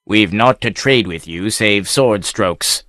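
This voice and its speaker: A man voicing a hot-tempered buccaneer who speaks slowly with a growl, in an audiobook reading. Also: fairly low pitch, a bit bright, no room sound, studio quality. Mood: snarling. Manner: slow, growling. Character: snarling, hot-tempered male buccaneer leader.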